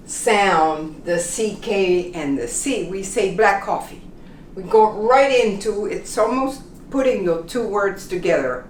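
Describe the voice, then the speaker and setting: A woman teaching pronunciation, repeating example phrases slowly and checking in with "okay?". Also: mid-range voice, reverberant, distant mic, a little hiss or hum. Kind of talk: slow, deliberate classroom instruction.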